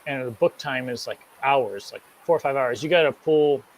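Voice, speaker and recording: A man's voice: mid-range voice, normal speed, a little hiss or hum, rough recording. A man, a car mechanic guest on a podcast, chatting casually with frequent laughs and "like" fillers. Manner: laughs often, trailing "like" fillers.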